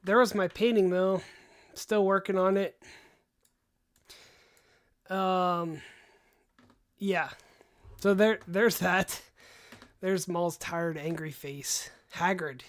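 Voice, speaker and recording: Young male livestream host, rambling, animated, sighs often, voice wearing thin. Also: high voice, slow pace, pauses often. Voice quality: voice tiring, gives out after long talk. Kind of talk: casual livestream chat.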